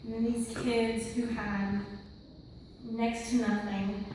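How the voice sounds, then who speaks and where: A woman's voice: on the high side, level tone, takes it slowly, darkish tone, slight background noise. A woman of twenty giving a church testimony, earnest and rambling with many fillers, close to tears. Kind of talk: mission trip testimony. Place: large church sanctuary. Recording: echoey hall from far off.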